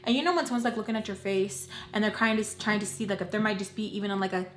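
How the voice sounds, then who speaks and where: A woman's voice: medium pitch, fast. A young woman telling a dramatic story from her own life as a vlogger, in casual chat full of fillers, acting out the voices of the people in it. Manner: animated, lots of filler "like", quotes others in lively voices. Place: indoors at home doing makeup. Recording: echoey room.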